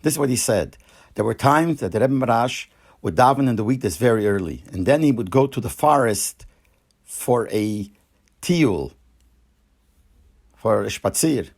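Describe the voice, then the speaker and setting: Older rabbi telling a story unhurriedly. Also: male voice, medium pitch, animated, gravelly, slightly rough. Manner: unhurried, searching for words, frequent restarts. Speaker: rabbi sharing memories. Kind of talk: retelling a Hasidic story.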